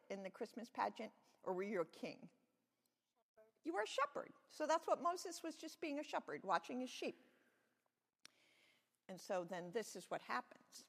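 A church leader tells a Bible story to children in an animated, chatty way, often stopping to ask them questions. The voice has a gravelly texture at a middle pitch. It is heard with a long, echoing sanctuary reverb.

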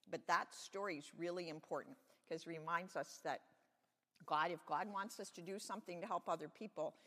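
A children's-sermon leader in a church telling a Bible story in an animated, conversational way and asking the children questions. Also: medium pitch, gravelly. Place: church sanctuary. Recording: echoey church sanctuary.

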